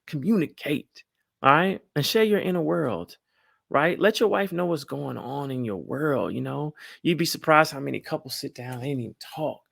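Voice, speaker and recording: Man, gravelly voice, dry close sound, animated folksy advice talk. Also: on the high side, moderate pace, dry recording. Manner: animated, folksy, calls out to the crowd. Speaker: psychologist giving marriage advice. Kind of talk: lively talk to a live audience.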